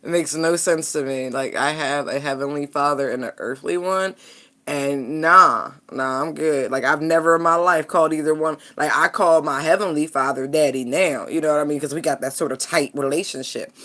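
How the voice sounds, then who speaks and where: A woman's voice: low voice, moderate pace, sharp tone. A woman giving a casual tarot reading, talking bluntly and frankly and laughing often. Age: adult parent. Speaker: tarot reader.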